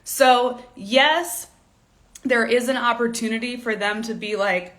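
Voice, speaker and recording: A young fashion stylist with a fairly high, slightly bright voice coaches live on a casual stream, taking her time. She's chatty and candid, laughing often and saying "like" a lot, and a tickle in her throat keeps making her cough.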